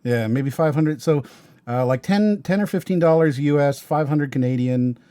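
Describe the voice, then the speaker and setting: A man's voice: on the high side, moderate pace, warm tone, no echo. A man hosting a casual podcast chat who laughs easily and keeps steering the talk along.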